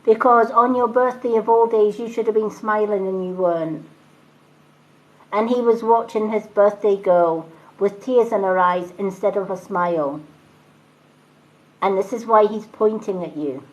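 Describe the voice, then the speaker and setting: A woman's voice: medium pitch, measured pace, dull audio. A woman giving a live spiritual reading, chatty and reassuring, often repeating phrases and asking "right?". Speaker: psychic reader.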